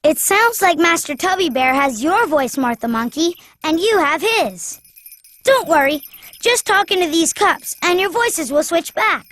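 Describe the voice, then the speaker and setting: A woman's voice: very high-pitched, lively intonation, unhurried, fairly bright tone, a little hiss or hum, full character voice. A woman voicing a cheerful, eager little wooden boy in a cartoon, with a chirpy childlike voice. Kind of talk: cartoon voice acting.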